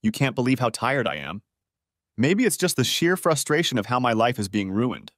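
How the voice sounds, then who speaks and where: A man's voice: medium pitch, very animated, moderate pace, fairly bright tone, no room sound, studio quality. A man reading the part of a bitter, sarcastic husband who has been betrayed by his wife. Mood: weary.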